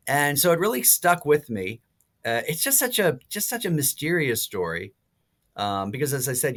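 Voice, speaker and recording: A priest in his sixties, a podcast guest, telling stories in a lively way with many fillers and restarts. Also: medium pitch. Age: 60s. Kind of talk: casual podcast interview.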